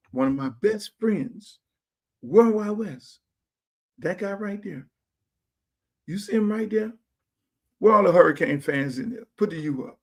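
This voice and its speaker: High-voiced man ranting on his stream. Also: slow, pauses often. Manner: animated, blunt and profane, with street slang. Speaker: show host. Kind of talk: casual livestream rant to viewers. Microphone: streaming setup mic.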